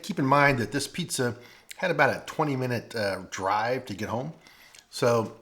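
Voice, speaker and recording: A chatty man with a St. talks through a food review, his pitch rising and falling a lot. He sounds folksy and easygoing, and he breaks off here and there to taste something. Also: fairly bright tone, a little hiss or hum. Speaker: food vlogger. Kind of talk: casual food review vlog. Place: at home.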